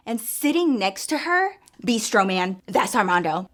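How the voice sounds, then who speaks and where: A young adult woman with a mid-range voice, speaking a little slowly, tells a story in a casual vlog. She's animated and swears, acting out the voices of the people involved.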